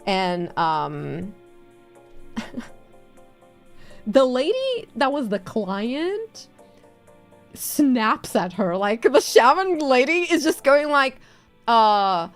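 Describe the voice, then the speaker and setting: A woman streamer retelling a story in casual chat, animated, swearing freely and laughing often. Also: a little high, very slow, long pauses, soft background music. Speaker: VTuber streamer.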